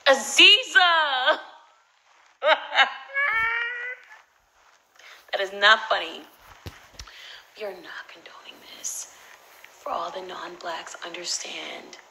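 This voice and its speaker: Animated profane young woman on a livestream. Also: on the low side, a little slow, gravelly, long pauses, a little hiss or hum, rough recording. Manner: animated and profane, swinging between loud outbursts and whispered asides. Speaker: social media personality on a livestream. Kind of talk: casual livestream storytelling. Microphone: phone.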